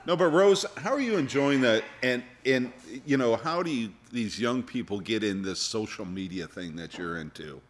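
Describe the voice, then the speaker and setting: A man's voice: medium pitch, animated, normal speed, hardly any pauses. A man hosting a podcast in casual chat, ribbing the others and swearing. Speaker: podcast host.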